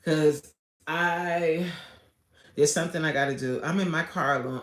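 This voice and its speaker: A woman, chatting casually and animatedly with viewers on a live stream from her car, laughing often and swinging between loud and soft. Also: sits low, unhurried, pauses often, echoey room. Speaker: livestream host chatting with viewers.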